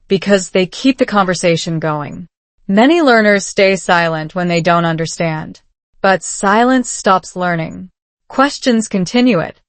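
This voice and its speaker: A woman giving calm, measured scripted narration of a story for English learners. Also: mid-range voice, no room sound.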